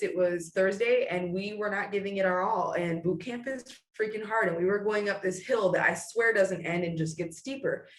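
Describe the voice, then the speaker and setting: A woman in her thirties gives her sales team a blunt, fast-paced pep talk in a casual live-video style, often stopping to restart her sentences. Her voice sits a little low. She is recorded from some distance in a roomy space. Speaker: direct sales team leader.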